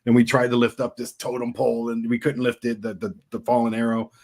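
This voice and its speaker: A man's voice: medium pitch, completely flat delivery, fairly quick, a little mellow. A man telling rambling anecdotes in a casual chat, full of fillers. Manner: rambling anecdotes, lots of fillers and quoted voices. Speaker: filmmaker guest.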